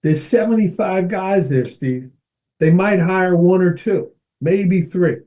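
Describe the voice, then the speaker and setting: Lively middle-aged man, mellow voice. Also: high-pitched, takes it slowly. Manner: energetic, keeps checking in with "right?" and addresses the host by name. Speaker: podcast guest, educator and speaker. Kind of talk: animated storytelling in conversation.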